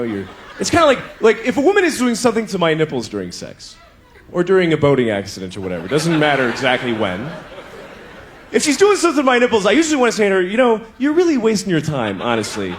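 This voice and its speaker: A man doing stand-up, his fairly high voice swinging wildly up and down as he tells profane stories and acts out quick bits of other voices. Audience laughter and room noise sit clearly behind him on a live club recording. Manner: animated storytelling, acts out other voices in bursts; profane, conversational asides. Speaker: stand-up comedian. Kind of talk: stand-up comedy set.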